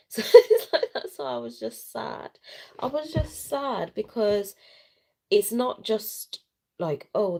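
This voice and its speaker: A woman's voice: on the low side, vocal fry, warm tone. A woman chatting on a casual live video, tearful and frank, rambling with slang and swearing while she cries. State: crying. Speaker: vlogger. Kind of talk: emotional casual live chat. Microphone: self-recorded at home without sound check.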